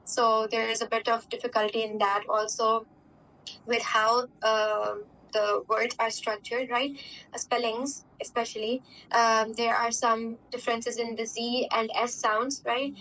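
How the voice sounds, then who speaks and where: A young Pakistani woman whose first language is Urdu answers interview questions in English with a Pakistani accent, chatty and full of fillers and "right?" tags. Her fairly high voice is pushed and bright, flat in delivery and a little slow. A distant mic picks her up over a faint background hum.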